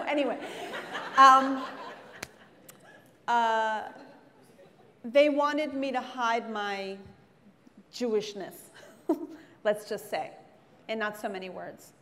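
A woman's voice: fairly high pitch, sharp tone. A middle-aged woman, a chef giving a frank, joking guest lecture to students in a large hall. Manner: joking, frank, self-mocking asides. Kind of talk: candid motivational talk to students. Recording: long hall reverb.

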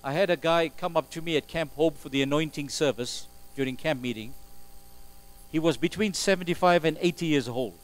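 A man preaching a sermon as pastor, emphatic, moving between loud exclamations and quiet asides. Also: on the high side, a little fast, poor audio. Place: church sanctuary. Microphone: live stream recording.

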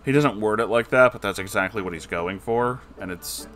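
A man's voice: fairly low pitch, fairly quick, fairly bright tone, soft background music. A man giving comedic, sarcastic commentary while reading a book aloud, exasperated and swearing freely.

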